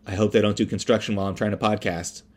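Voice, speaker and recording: A man hosting a podcast, recapping a film in a rambling, animated way, with many fillers, restarts and swear words. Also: on the low side, quick pace, slight background noise. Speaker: podcast host. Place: indoors, construction noise nearby.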